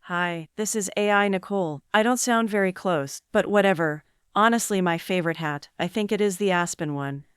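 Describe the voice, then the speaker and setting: A mock AI young woman reads out a short statement in a high, girly voice as a man puts it on. The voice is smooth and flat, and the sound is dry. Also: normal speed, dry recording. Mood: playful.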